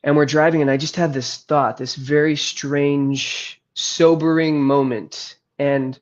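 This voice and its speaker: A man candidly recounting a hard personal story, earnest and halting, with frequent trailing pauses. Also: a little high, little pitch movement. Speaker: guest recounting his addiction and recovery. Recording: slightly muffled lo-fi audio.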